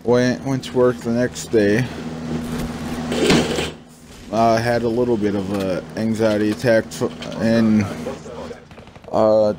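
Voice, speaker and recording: A man's voice: fairly low pitch, little pitch movement, slow, long pauses, noisy background. A young man casually telling a rambling personal story over gameplay, acting out his own panicked thoughts and swearing now and then. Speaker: gaming vlogger.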